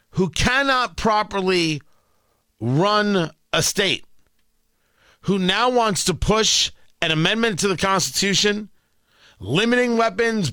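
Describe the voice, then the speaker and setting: A man's voice: high voice, pushed and bright, no room sound. A man hosting a talk radio show, delivering a blunt, opinionated monologue with sarcastic asides from a studio mic.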